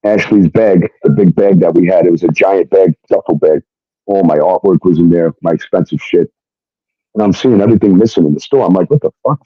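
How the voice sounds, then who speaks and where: A man's voice: lowish voice, breathy edge, no echo. Guy ranting through his story, cusses a lot, dry muffled sound. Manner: profane, animated retelling with quoted dialogue. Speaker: guest telling his story. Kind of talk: casual storytelling.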